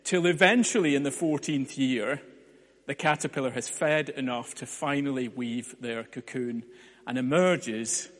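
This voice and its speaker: A man's voice: medium pitch, unhurried. A man preaching a sermon, telling stories with playful asides. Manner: lively storytelling with playful asides. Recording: long hall reverb.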